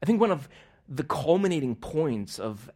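A man preaching in a church, opening in prayer and then telling a personal story with frequent laughs, swinging between loud bursts and quiet asides. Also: a little high, very animated, normal speed.

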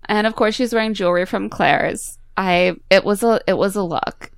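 A woman's voice: medium pitch, normal speed, vocal fry, clean tone, no room sound. A woman chatting on a podcast, wryly recapping a film and acting out quotes from it. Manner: wry, recapping the plot with acted-out quotes. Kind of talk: casual podcast chat.

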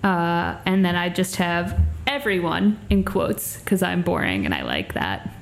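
Woman co-host, low fry-edged voice, deadpan and hesitant. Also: a little slow. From Long Island, New York. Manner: dry, self-deprecating, hesitant with many ums. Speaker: podcast co-host. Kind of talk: casual chat.

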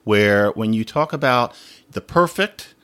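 A man's voice: fairly low pitch, animated, measured pace, a bit bright, smooth, no room sound. A man hosting a solo podcast, talking in a chatty, digressive way and laughing now and then. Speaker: podcast host.

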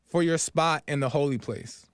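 A man voicing a calm male angel who hands down a verdict in a measured, gentle way while telling a parable. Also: a little high, clean tone, no room sound, studio quality, pitched below the performer's own voice, natural voice. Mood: solemn.

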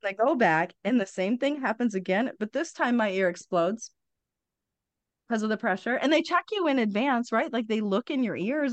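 A middle-aged woman, a podcast guest, telling her story in a candid, conversational way. She is blunt and animated, swears freely and laughs her way through hard memories. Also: on the high side, no echo.

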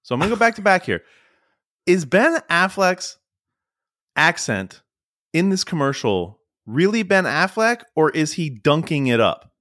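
An excitable man co-hosts a casual podcast, stammering through restarts and leaning on "like." His pitch swings up and down as he talks. The recording is dry and close. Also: a little slow, dry recording. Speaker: podcast co-host.

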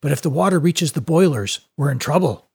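A man's voice: a little high, lively intonation, fairly quick, vocal fry, a little mellow, breathy edge, exaggerated voice. A man voicing a worried male passenger.

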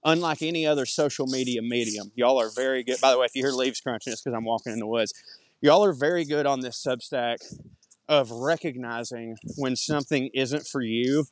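A man's voice: mid-range voice, a little fast. A man with a thick Southern US accent, rambling in a chatty, self-deprecating way as a podcast host while walking outdoors in the woods. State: slightly out of breath walking uphill. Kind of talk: rambling monologue.

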